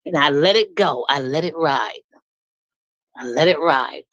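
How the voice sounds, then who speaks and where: A middle-aged woman talks bluntly and with a lot of feeling on a live stream. Her pitch leaps up when she is indignant, and she laughs between points. The sound is dry and close, with almost no room echo. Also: unhurried, highs cut off. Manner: blunt and animated, laughs often, swings high when indignant. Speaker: guest speaking on a live stream. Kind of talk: venting in casual live-stream chat.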